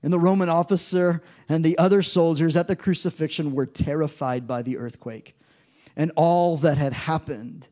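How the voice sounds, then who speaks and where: A man's voice: on the high side, fairly even intonation, normal speed, mellow. A man preaching a sermon, reading scripture aloud and acting out the mocking voices with drama. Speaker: pastor.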